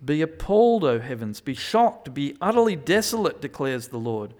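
Guy preaching, slightly high voice, gets loud and pleading then drops quiet. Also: very animated, moderate pace. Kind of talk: sermon.

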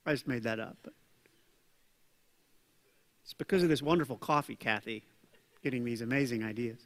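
A man preaching a conversational sermon as pastor, acting out quoted voices with lively asides. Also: medium pitch, moderate pace. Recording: long hall reverb.

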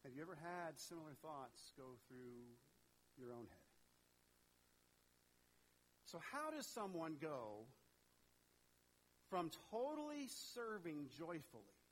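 A man preaching a sermon in an animated, conversational way, talking straight to his congregation. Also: on the high side, slight background noise, low-quality recording. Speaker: pastor.

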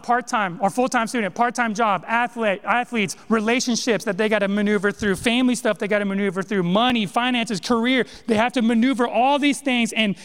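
A man preaches in a lively, conversational way, speaking directly to his listeners. His voice sits high for a man. The sound rings out with a long reverb from a church sanctuary. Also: clear, resonant tone. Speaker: pastor. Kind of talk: sermon.

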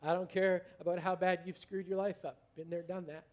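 A middle-aged male pastor with a notably high voice delivers a storytelling sermon. He builds to loud, emphatic lines, then drops to a soft, near-whispered hush. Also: little pitch movement, fairly quick.

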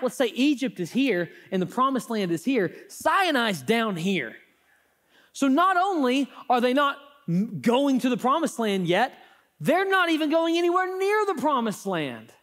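A man preaching a sermon as pastor, with animated emphasis that rises and drops. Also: extremely high pitch. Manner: animated, rising and falling emphasis.

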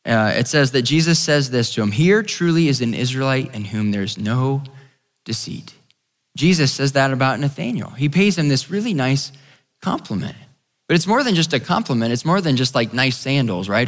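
A man's voice: a little high, a bit bright. Man preaching in a reverberant hall. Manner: conversational, repeats phrases and restarts; acts out the quoted lines of the story. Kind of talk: sermon. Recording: long reverb of a large hall.

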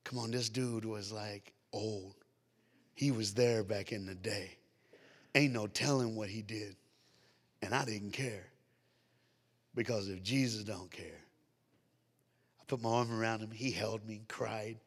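An American man giving an energetic youth sermon as a guest preacher, animated and laughing often, swinging from hushed lines to loud ones. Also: on the low side, unhurried, pauses often. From United States. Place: large church hall. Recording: long hall reverb.

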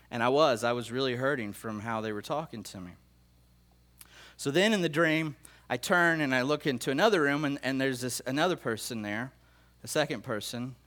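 An earnest middle-aged man preaching to his congregation, his voice sitting at an ordinary middle pitch. He tells his dreams with feeling, stopping to restart and repeat phrases as the emotion catches him. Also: a bit bright. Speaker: pastor. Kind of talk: sermon sharing prophetic dreams.

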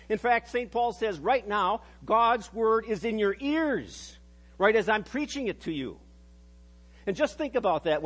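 A high-pitched man in middle age delivers a sermon. He speaks earnestly and slows down to stress the phrases that matter, then drops low and quiet for the solemn lines. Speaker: pastor.

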